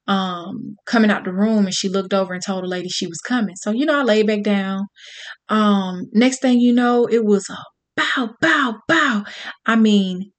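Profane, animated woman storyteller. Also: medium pitch. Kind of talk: personal storytelling to an audience.

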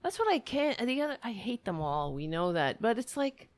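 A woman's voice: fairly high pitch, sing-song, moderate pace. A woman giving sarcastic, exasperated commentary, swearing freely as she rebuts. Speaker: commentator reacting to clips. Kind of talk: ranting commentary.

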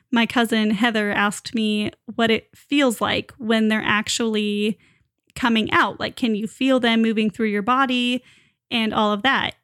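A woman's voice: fairly high pitch, a bit bright, no echo, studio quality. A young woman casually telling a personal story, chatty with lots of fillers and frequent laughs. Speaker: new mother telling her birth story.

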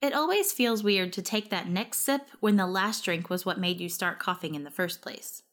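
A woman narrating a first-person story in a wry, lively storytelling manner. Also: mid-range voice, moderate pace.

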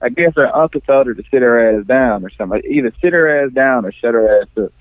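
A man's voice: medium pitch, lively intonation, fast, dry recording. Man, casual chat, rambling, tinny, dry. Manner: rambling, restarts often. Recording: dry tinny phone-like sound.

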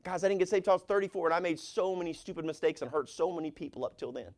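Middle-aged man, pastor, animated sermon delivery, scripture read with force, fairly high voice. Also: racing. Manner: animated preaching, reads scripture aloud with rising force.

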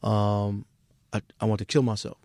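A man's voice: lowish voice, flat delivery, moderate pace, darkish tone, no room sound, studio quality. A middle-aged man from Queens with a New York accent, a music manager telling his story bluntly and profanely as a podcast guest. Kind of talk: candid podcast interview.

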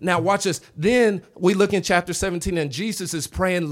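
A man preaching a revival sermon in a church, animated, acting out quoted voices and calling on the congregation to answer back. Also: high voice, normal speed, hardly any pauses. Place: church sanctuary.

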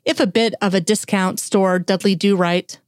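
A woman's voice: mid-range voice, fairly even intonation, normal speed, no room sound, studio quality. A woman narrating an audiobook in a wry, lightly humorous storytelling manner.

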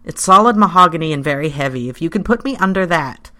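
A reader voicing a fat middle-aged gentleman who wheezes and pleads in high, loud, drawn-out bursts. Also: lively intonation. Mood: flustered.

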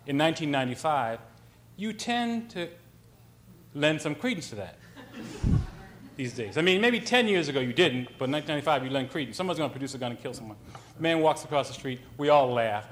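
A man, an author, giving a talk and telling a story in a conversational, animated way, with frequent restarts. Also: medium pitch, brisk. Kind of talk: lecture with storytelling.

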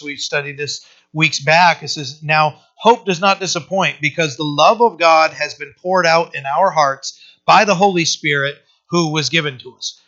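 A male pastor preaching a conversational sermon, often pausing with fillers and restarting his sentences. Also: fairly high pitch, bright, forceful tone, highs cut off.

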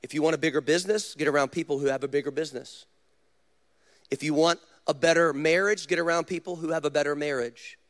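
A man, a pastor, preaching a sermon with animated storytelling and direct questions to the congregation. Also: a little high, fast talker.

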